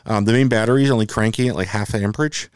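A man's voice: fairly low pitch, very fast, smooth, no room sound, studio quality. A man chatting as a podcast guest, blunt and joking, swearing freely. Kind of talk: casual chat.

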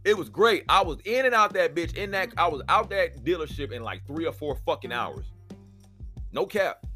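A man's voice: on the high side, lively intonation, normal speed, pushed and bright, faint music behind. A man hosting a solo podcast, telling a story in a profane, exasperated rant. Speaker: podcast host.

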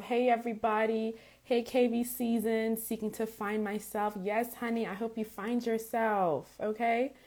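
A woman hosts a live stream in a relaxed, chatty way, her voice raspy from a sore throat. She keeps greeting viewers by name and checks in with "okay?" as she talks. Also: medium pitch. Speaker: faith and life coach, live-stream host. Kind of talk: casual live-stream talk.

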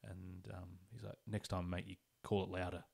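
An Australian man in a casual podcast chat, easygoing and quick to joke. His voice sits on the lower side. He talks loosely, as a guest trading banter with a friend. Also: level tone, vocal fry, darkish tone, breathy edge.

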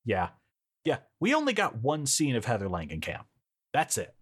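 Male podcast co-host, expressive and dry-witted, recapping a film. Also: medium pitch, moderate pace, husky. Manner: lively, sardonic, laughs often. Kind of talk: casual movie-recap chat.

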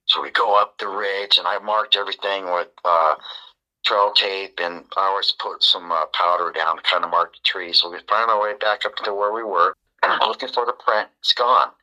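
A man, a podcast guest, telling a story in a casual, animated way and acting out the dialogue. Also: sits low, moderate pace, poor audio. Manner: animated, acts out quoted dialogue.

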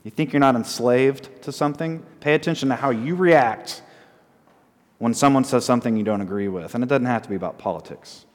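A male pastor preaches a sermon at a mid-range pitch, often asking his congregation questions. He leans on short repeated phrases, spoken slowly for weight. His voice rings with the long reverb of a church hall. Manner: asks the congregation frequent call-and-response questions.

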